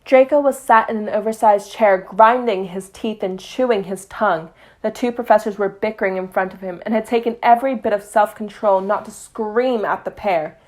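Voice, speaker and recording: A woman's voice: medium pitch, moderate pace. Young woman reading a story aloud. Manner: soft, quiet narration with occasional slips. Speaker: fanfiction reader. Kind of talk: casual read-aloud narration.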